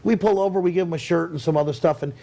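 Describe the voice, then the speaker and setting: A man with a fairly high voice hosts a relaxed talk show. He tells stories with energy and acts out the people he quotes. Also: racing, creaky. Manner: animated storyteller, acts out quotes. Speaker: host. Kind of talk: casual chat.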